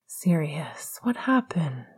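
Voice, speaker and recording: A woman voicing a gentle young man soothing his partner, in a calm, tender whispered role-play. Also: sits low, takes it slowly, breathy edge, heavily acted.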